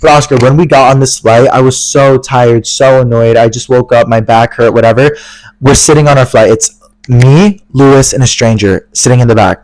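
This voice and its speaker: A young man in his twenties, co-hosting a casual podcast and telling an animated story full of "like" and "literally". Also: medium pitch, moderate pace, no room sound, rough recording. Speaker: podcast co-host. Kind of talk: casual chat.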